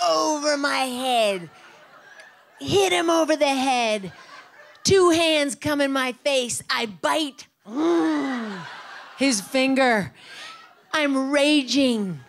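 On stage, a storyteller comedian delivers animated stand-up, her gravelly voice leaping loud and high whenever she acts out what people said.

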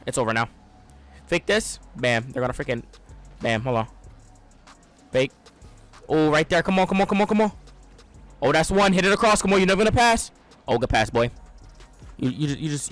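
A young man giving excitable, trash-talking live commentary on his own gameplay, swinging between loud outbursts and low mutters. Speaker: gaming streamer.

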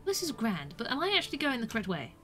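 A young woman streamer from the UK narrates her play in a high, bright voice, joking at herself and letting out squeals under attack. Soft game music plays behind her. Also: wildly swooping pitch, quick pace. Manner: chatty and self-mocking, with squeals when attacked. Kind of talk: casual gameplay commentary.

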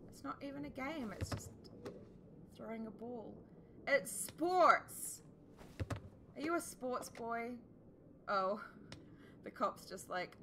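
A woman's voice: on the high side, expressive, slow pace, pauses often, a bit bright, a little hiss or hum. A woman with a New Zealand accent, chatting and joking as she plays through a video game. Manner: chatty, swears, jokes at the screen. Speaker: let's play host. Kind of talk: casual gameplay commentary.

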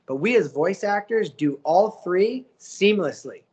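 A man, a voice actor guest, telling stories in a casual interview, lively and coaching with acted-out quotes. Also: sits high, a little slow, husky. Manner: animated, acts out quotes, coaching.

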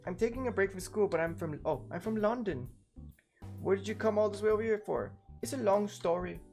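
A man's voice: high voice, a little fast, creaky, darkish tone, soft background music, pitched above the performer's own voice. A man voicing a chatty, friendly young woman working as a shop clerk.

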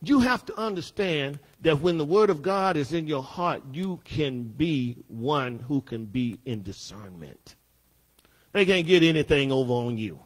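A man, a pastor teaching a Bible study lesson, emphatic, repeating his phrases and rising at times to a shout. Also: on the high side, expressive, a little slow. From Southern United States.

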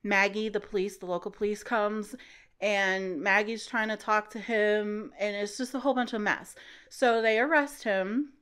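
A woman hosts a relaxed book-recap show, her voice smooth and clean at a middle pitch. She rambles through the plot with plenty of fillers. She keeps jumping into little acted-out lines for each character. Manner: chatty, acts out characters' lines in quick voices; loose and rambling, many fillers. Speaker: podcast host recapping a book.

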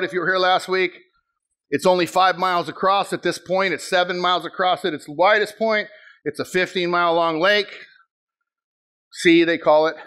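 A middle-aged male pastor preaching a sermon, telling stories with sudden shouted bursts and acted-out quotes. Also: on the high side. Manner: animated storytelling, bursts into shouts, acts out quotes.

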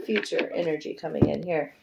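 A woman's voice: deep voice, fairly even intonation, fairly quick, vocal fry, dull audio, heavy background noise. A middle-aged woman giving a casual, emotive tarot card reading, chatty and loose, swearing freely. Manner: chatty and emotive, breaks into singing. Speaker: tarot reader.

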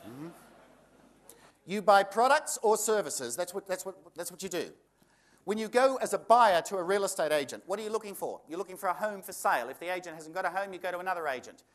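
A man's voice: sits high, animated, a little fast. An Australian man giving a live seminar to an audience, combative and sarcastic, firing off rhetorical questions. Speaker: seminar presenter.

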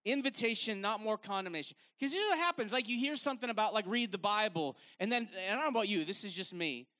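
Male preacher, bright and forceful tone, casual emphatic sermon delivery on a stage mic. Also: high voice, expressive, quick pace. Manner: casual, filler-heavy, emphatic. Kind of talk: live sermon. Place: stage at a worship event.

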